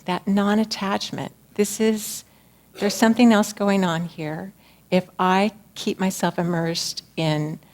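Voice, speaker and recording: A woman gives a personal spiritual talk to her community, speaking gently, earnestly, and reflectively. Her voice is on the low side and gravelly.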